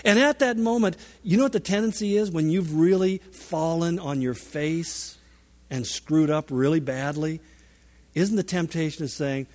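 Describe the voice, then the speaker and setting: High-voiced preacher in an echoing hall. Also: male voice, moderate pace. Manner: animated, emphatic, dramatic shifts in volume. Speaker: pastor. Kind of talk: sermon. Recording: long reverb of a large hall.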